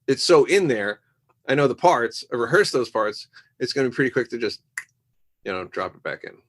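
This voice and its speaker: A man in a casual podcast interview, telling animated stories about making music. He acts out quoted voices as he goes, and his voice sits at an everyday middle pitch. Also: brisk. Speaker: musician guest.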